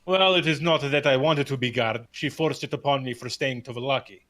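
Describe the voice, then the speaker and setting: A man's voice: medium pitch, fairly quick, fairly bright tone, close to an everyday voice. A man voicing a brash, touchy townsman in a tabletop game, speaking in a blustering, sarcastic way.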